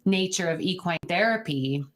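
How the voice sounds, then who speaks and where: A woman podcast host musing thoughtfully and in a measured way. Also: lowish voice, expressive. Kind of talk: reflective podcast conversation.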